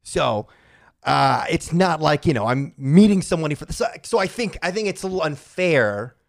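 A man's voice: fairly high pitch, expressive, normal speed, gravelly. A man in his thirties hosting a loose podcast with friends. He talks in long rambling runs that sink into mumbles. He jokes at his own expense. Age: 30s. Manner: rambling, self-deprecating, trails off into mumbles. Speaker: podcast host. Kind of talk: casual chat.

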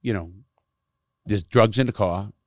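A man's voice: lowish voice, a little slow, dry recording, studio quality. A middle-aged man telling stories from his life in casual conversation, blunt and emphatic, cursing often to stress his points. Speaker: guest, former prisoner who speaks to youth.

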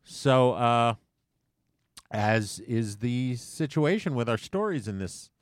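A man's voice: mid-range voice, lively intonation, slow pace, no room sound. A man co-hosting a podcast from a basement studio, casually telling a self-mocking story with lots of fillers. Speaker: podcast co-host. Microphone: large studio microphone.

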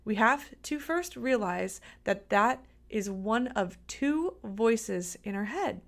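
Chatty upbeat woman hosting a podcast. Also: a little high. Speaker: podcast host and dietitian. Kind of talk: solo podcast talk.

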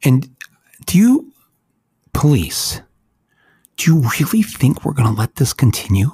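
A man giving impassioned, angry commentary with a husky voice. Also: mid-range voice, very animated, a little slow, warm tone, dry recording. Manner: angry, emotional, accusatory.

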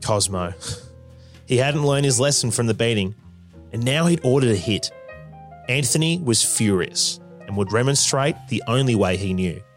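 A man's voice: medium pitch, lively intonation, moderate pace, faint music behind. A man giving scripted documentary narration in a wry, dramatic way.

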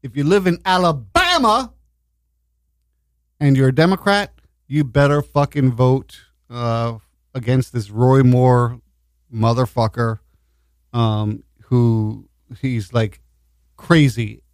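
A man's voice: mid-range voice, slow, a little mellow, dry recording, clean studio sound. A man co-hosting a podcast in crude, rambling casual banter, laughing often. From New York. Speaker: podcast co-host.

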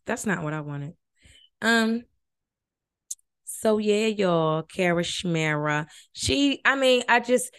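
Rambling, profane woman podcaster, lower voice. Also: clean tone, no echo, studio quality. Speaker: podcast host reviewing a reality show; former nursing and medicine worker. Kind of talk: casual rambling commentary.

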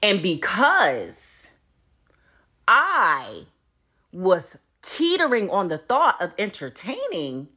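Solo podcast host, woman, mid-pitched and very lively, blunt and profane, laughs mid-rant. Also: very slow, breathy edge. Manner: blunt and profane, swinging between loud emphasis and low muttering; laughs between points.

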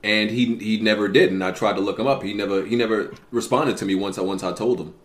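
A man's voice: on the low side, fairly even intonation, fast, echoey room. A man hosting a podcast in casual banter, reading listener questions in a laid-back, insistent way.

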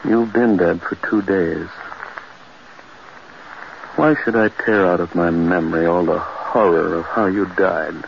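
A man's voice: sits low, fairly even intonation, unhurried, vocal fry, long pauses. Charles, an unhinged grieving man. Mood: anguished. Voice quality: strained, breaking into anguished cries. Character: guilt-stricken man, frantic and unhinged with horror. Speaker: Charles Prentice, a man haunted by his wife's death. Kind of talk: 1940s radio acting. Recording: muffled old radio recording, loud hiss.

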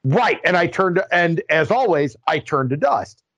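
A man co-hosting a casual podcast, talking in an animated way with stammered restarts and exasperated emphasis. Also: on the high side, a little slow, dry recording, highs cut off. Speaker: podcast co-host.

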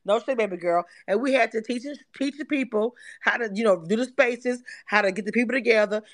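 A woman's voice: on the high side, fairly quick. Brash woman hosting a chat. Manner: brash, swearing, teasing. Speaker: space host. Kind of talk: casual chat.

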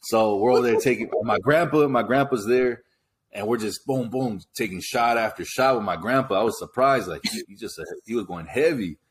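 A man's voice: medium pitch, moderate pace, a little hiss or hum. A man in his thirties from California with a West Coast Chicano accent, co-hosting a podcast in a laid-back, casual chat and laughing often while he tells stories. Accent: West Coast Chicano English. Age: 30s. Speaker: podcast co-host.

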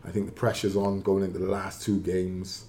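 A man's voice: low voice, level tone, normal speed, warm tone. A man who is a former footballer, talking football in a matey, emphatic way. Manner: matey, emphatic, laughs easily. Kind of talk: casual football punditry.

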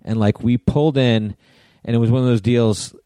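A man's voice: mid-range voice, fairly even intonation, moderate pace, warm tone, clear, resonant tone, dry recording. A middle-aged man co-hosting a podcast, telling a story in a casual chat style, with a wry, teasing manner and frequent swearing. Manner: wry, teasing, backchannels often. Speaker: podcast co-host.

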